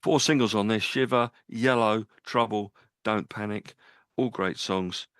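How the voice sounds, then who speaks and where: Low-voiced man chatting about albums. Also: a little slow, fairly bright tone, clear, resonant tone, dry recording. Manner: chatty, reels off chart facts. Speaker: radio show co-host. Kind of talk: casual chat about albums. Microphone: studio mic.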